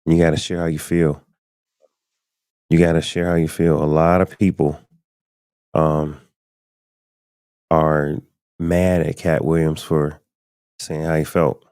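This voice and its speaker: A man's voice: very deep voice, little pitch movement, slow pace, pauses often, darkish tone, clean tone, no room sound, clean studio sound. A man hosting a live podcast stream, chatting loosely and speaking straight to his viewers. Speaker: podcast host. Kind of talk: casual live-stream commentary.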